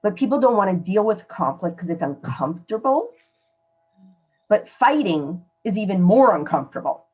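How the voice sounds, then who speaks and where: A woman's voice: medium pitch, sing-song, normal speed, breathy edge, highs cut off. A woman hosting a podcast, giving earnest, emphatic advice in a conversational way. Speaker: podcast host. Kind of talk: casual coaching talk.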